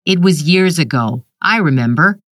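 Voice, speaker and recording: A woman's voice: low-pitched, expressive, moderate pace, a bit bright, no room sound, clean studio sound. A woman reading the lines of a curt, defensive, ailing father in a short story.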